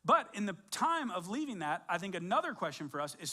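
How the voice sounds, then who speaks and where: A man preaching a sermon as pastor, in a casual, conversational way with lots of fillers and animated storytelling. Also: sits high, fairly quick.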